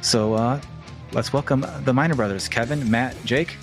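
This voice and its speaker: A man's voice: medium pitch, normal speed, over music. A man hosting a podcast, talking in a rambling, chatty way with casual swearing. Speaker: podcast host.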